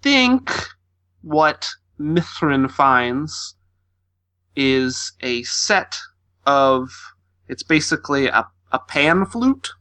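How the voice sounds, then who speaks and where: A man's voice: on the high side, sing-song, drawn-out words, sharp tone. A man playing in a tabletop game, describing his character's item casually with many fillers. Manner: thoughtful, fillers and hedging. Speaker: player.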